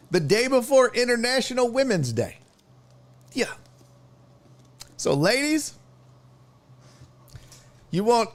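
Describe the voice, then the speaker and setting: A man in his fifties hosting a podcast, telling a funny story with a lot of swearing and acting out what people said. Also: fairly high pitch. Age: 50s. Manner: profane, animated, acts out quotes. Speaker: podcast host. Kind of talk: comedic storytelling.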